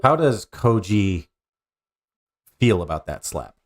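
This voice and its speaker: A man narrating a tabletop role-playing game as game master, in a relaxed, casual storytelling way. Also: lowish voice, takes it slowly.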